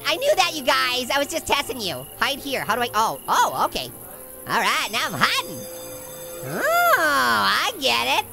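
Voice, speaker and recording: A woman streams a video game, giving excitable, jokey let's-play commentary to her viewers as she plays. Her voice sits high and has a creaky quality.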